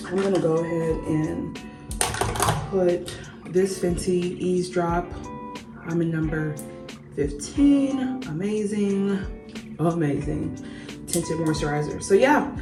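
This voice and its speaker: Young woman ranting a storytime over her makeup, lowish voice, roomy echo, a bit off mic, faint music. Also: slow, long pauses, recorded from a distance. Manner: animated, swears freely, addresses viewers as y'all. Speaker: beauty vlogger. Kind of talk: casual storytime while doing makeup.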